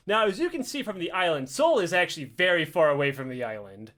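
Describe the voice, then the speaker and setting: A man casually telling a history story on a podcast, animated and profane, acting out quotes and laughing often. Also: sits high, fast, hardly any pauses.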